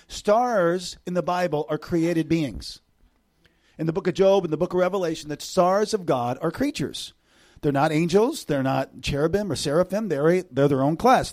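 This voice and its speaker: A man's voice: fairly high pitch, a little mellow. A middle-aged male preacher giving a sermon, reading scripture with emphatic swells and dropping into casual asides. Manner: casual asides with fillers like "you know" and "okay".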